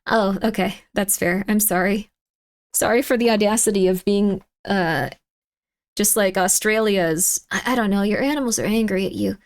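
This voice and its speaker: Speaking at a normal speed, a live-streaming woman rambles casually in exasperated disbelief, her pitch frequently leaping upward.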